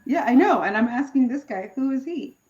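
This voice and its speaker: A woman player in a tabletop game, chatting in a curious, animated way. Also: high voice, brisk, noisy background. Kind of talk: casual tabletop game chat. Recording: dull lo-fi mic audio.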